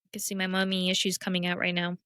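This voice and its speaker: A young woman talks through self-help topics in a candid, conversational way, often poking fun at herself. Her voice is smooth and resonant. It is recorded close and dry, with almost no room sound. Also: lowish voice, monotone, quick pace, pushed and bright, no echo. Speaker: podcast host. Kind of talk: casual self-help talk.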